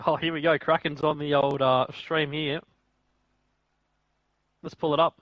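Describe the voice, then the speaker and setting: Man, co-host, high-ish voice, chatty and teasing, muffled lo-fi sound. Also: flat delivery, a little slow, long pauses, a bit bright, no room sound. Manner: chatty, laughing often, teasing. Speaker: stream co-host. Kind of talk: casual live-stream chat and race commentary. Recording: dull lo-fi remote audio.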